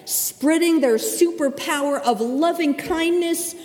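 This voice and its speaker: A woman narrating a children's story at a service in an expressive, animated way. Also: high-pitched, slow. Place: synagogue sanctuary. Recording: echoey hall.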